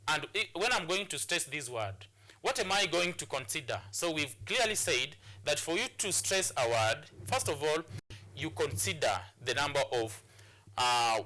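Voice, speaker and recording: A Kenyan man teaches a televised English lesson in a bright, sharp and strained voice that sits a little above the usual pitch. He explains step by step, often repeating himself and restarting his phrases as he addresses the students. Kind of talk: classroom lesson on English pronunciation.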